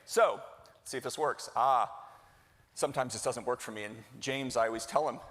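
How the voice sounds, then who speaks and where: A middle-aged executive director opens a conference before a live audience in a large hall, joking, chatting, and working the crowd with questions. His mid-range, slightly bright voice moves at normal speed, and the recording carries a long hall reverb.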